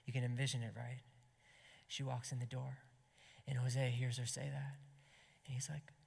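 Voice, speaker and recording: A man preaching an impassioned sermon to a gathering, swinging between loud emphasis and hushed whispers. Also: mid-range voice, flat delivery, moderate pace, vocal fry, husky. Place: gathering hall. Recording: long hall reverb.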